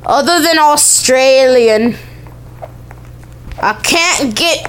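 High-voiced, unhurried excitable woman gamer. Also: slight background noise. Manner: excitable, exclaims and repeats herself. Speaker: gaming YouTuber. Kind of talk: let's-play game commentary.

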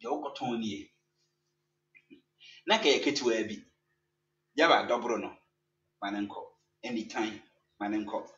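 A man with a Ghanaian accent, a church elder preaching a sermon and telling a story with lively sound effects and English phrases mixed in. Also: on the low side, a little slow, long pauses. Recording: echoey, distant, dull with faint hum.

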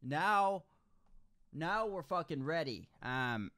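High, lively swearing gamer man. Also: slow. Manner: excitable, swears constantly, shouts in panic. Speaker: gaming video host. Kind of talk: let's play commentary. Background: horror game music and sounds.

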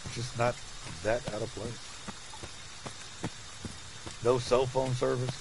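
Chatty man with a gravelly voice. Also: mid-range voice, level tone, slow, background noise. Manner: chatty, laughs often, talks to chat and teammates. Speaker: gaming streamer. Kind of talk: casual gameplay commentary.

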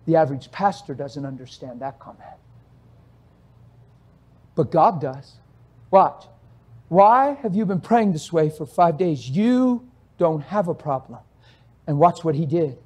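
A male pastor preaching a sermon with fiery intensity, swinging from quiet talk to shouting. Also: a little high, expressive, a little slow, pauses often.

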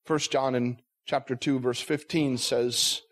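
Pastor, male, mid-pitched voice, preaching earnestly with rhetorical questions and casual asides. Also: fairly even intonation, a little slow. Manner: conversational asides. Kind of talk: sermon.

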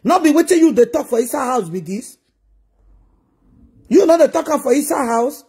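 A woman's voice: sits high, lively intonation, normal speed, dark tone. A woman with a Nigerian accent ranting bluntly in a casual vlog, scolding commenters in heavy pidgin.

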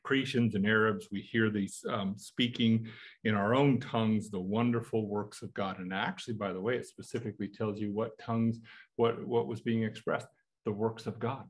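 A man's voice: lowish voice, fairly even intonation, normal speed, husky. An American man teaching a Bible study in a conversational way, asking his listeners rhetorical questions. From United States.

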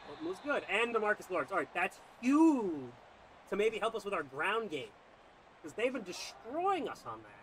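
A young gaming YouTuber with a high voice speaks at normal speed while commentating his football video game. Easily excited, he shifts from muttering play calls to erupting in frustration. Slight background noise is present.

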